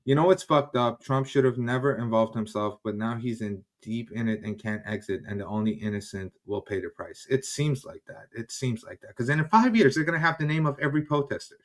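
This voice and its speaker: A man's voice: medium pitch, a little fast, few pauses. A man hosting a casual livestream from his home kitchen, answering chat in a heated, frustrated way and swearing often. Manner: heated, swearing, switches between English and German. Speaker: livestream host.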